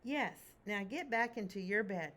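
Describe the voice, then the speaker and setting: A woman voicing a patient father chicken in a picture book read-aloud, calm and measured. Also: medium pitch, close to an everyday voice.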